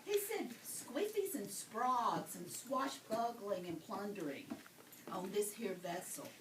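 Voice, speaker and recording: A woman reading a picture book aloud to children, animated and stopping to ask them questions. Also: mid-range voice, slow. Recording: echoey room, far mic, noisy.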